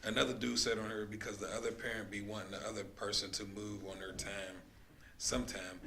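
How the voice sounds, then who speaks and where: A blunt, streetwise man with a sharp, bright tone hosts a casual chat. His voice rings in an echoey room over a faint hiss. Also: on the low side, flat delivery, a little fast, creaky. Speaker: host.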